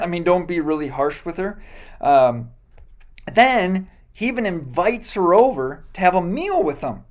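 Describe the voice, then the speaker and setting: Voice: medium pitch, very animated, unhurried. A pastor giving a sermon, retelling a Bible story in a casual, joking way with many fillers and self-corrections.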